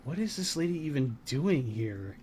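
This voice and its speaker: A man's voice: mid-range voice, big pitch swings, normal speed, background noise. A man hosting a let's play, commenting dryly as he plays a game. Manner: dry, musing remarks while playing. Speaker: host playing the game.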